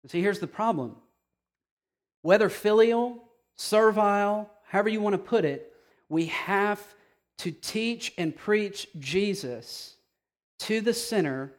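A male preacher giving a conversational, animated sermon, often checking in with "okay?". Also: high-pitched.

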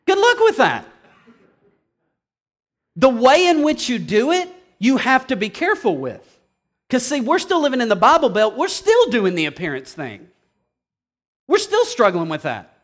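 A pastor in full sermon, his voice riding high above most men's. He grows heated and emphatic, then pulls back to near-quiet before building again. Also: wildly swooping pitch, moderate pace. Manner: impassioned, swings from hushed to loud.

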